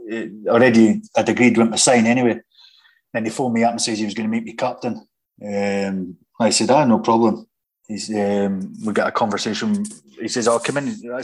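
A Scottish man, a former footballer, chatting casually and telling stories with halting restarts. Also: on the low side, poor audio. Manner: halting, many restarts, anecdotal. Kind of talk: casual chat.

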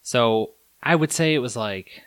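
A man hosting a casual podcast, telling a story in an animated way and acting out his own shouts. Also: medium pitch, measured pace, smooth, no echo. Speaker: podcast host.

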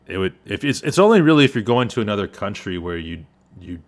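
A man with a very low voice hosts a relaxed podcast among friends. He talks loosely and jokes around, with plenty of filler words. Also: fast. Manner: loose and jokey, with lots of "like" fillers. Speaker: podcast host. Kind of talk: casual chat.

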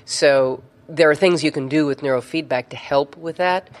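Therapist rambling through a story, lots of um and you know, middle pitch. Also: moderate pace. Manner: chatty, frequent fillers and restarts. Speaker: neurofeedback therapist. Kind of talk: conversational storytelling.

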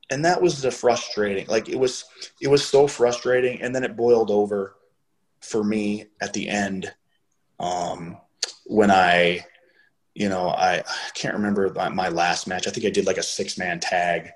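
A middle-aged man casually telling a story, swearing freely and getting animated when he quotes other people. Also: fairly low pitch, unhurried, rough recording.

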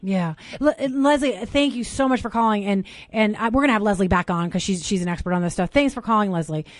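A woman hosting a call-in radio talk show, talking quickly and eagerly and admitting she rushes her words. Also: mid-range voice, dry recording, studio quality. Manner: fast, warm-hearted, talks over herself.

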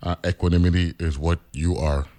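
A man with a lowish voice hosts a casual radio interview. He stammers, restarts his sentences and keeps asking for agreement. The sound is a radio broadcast. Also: fairly even intonation, brisk, mellow. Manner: stammering, repeats words, asks for agreement with "right?". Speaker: radio show host.

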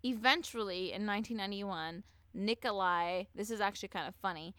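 A woman hosting a podcast, talking through a true-crime story in a loose, casual way. Her voice is smooth and crisp, and she is recorded close and dry. She swears freely and acts out the people in the story. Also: medium pitch, fairly quick, fairly bright tone, no room sound. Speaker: podcast host.

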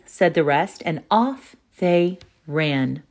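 A woman reading a children's story aloud, lively and acting out the characters with high voices. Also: slow.

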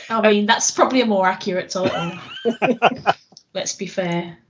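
A woman's voice: medium pitch, slow, muffled recording, a little hiss or hum. A woman co-hosting a podcast in casual chat, joking and self-deprecating, often giggling. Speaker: podcast co-host.

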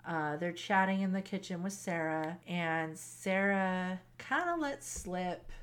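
A woman co-hosting a casual podcast, retelling a romance novel's plot in an animated way and acting out the characters' lines. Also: on the low side, slow. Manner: animated retelling, quoting characters, laughs often. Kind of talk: casual chat.

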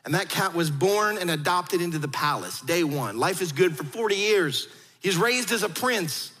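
A man preaching a sermon, retelling a story with lively acted-out quotes. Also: high-pitched, normal speed, big-room sound. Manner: animated storytelling, acts out quoted voices. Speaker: pastor.

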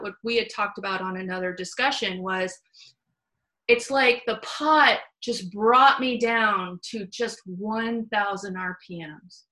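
A woman hosts a relaxed, open conversation in a bright, clear voice. She tells her stories in a lively, frank way and drops the odd swear word. Her pitch sits in the middle of the range. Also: poor audio. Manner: animated, candid, salty storytelling. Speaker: host. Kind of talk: casual chat.

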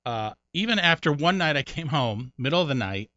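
A middle-aged man from Connecticut, a comedian guest in an interview, telling animated stories and jumping high when he acts out other people. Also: fairly quick, no echo. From Connecticut, USA. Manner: animated storyteller, jumps high doing other people's voices. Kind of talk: storytelling interview. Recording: dry, muffled sound.

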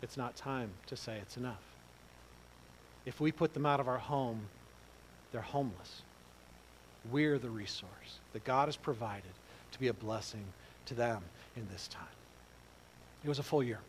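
A middle-aged pastor, preaching in a conversational storytelling way, dropping to quiet asides and rising to loud exclaims. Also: male voice, medium pitch, normal speed, pauses often, a little hiss or hum, low-quality recording. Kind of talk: storytelling sermon.

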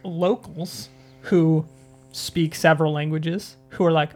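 A man talking as a guest on a casual podcast, chatty and quick to laugh. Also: on the high side, steady tone, faint music behind.

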